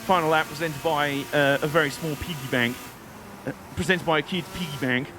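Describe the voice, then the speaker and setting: This man does let's-play commentary of a racing game on a live stream, rambling and joking as he plays and dropping into goofy put-on voices. He speaks a little fast with a voice on the high side and fairly even intonation, and there is background noise.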